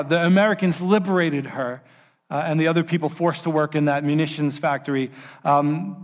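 Male preacher, higher-pitched voice, animated sermon storyteller who acts out quoted lines.

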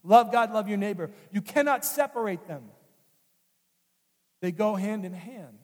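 A high-voiced male pastor preaches in an earnest, conversational way and leans on repeated phrases. His voice carries a long hall reverb. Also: animated, unhurried. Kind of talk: sermon.

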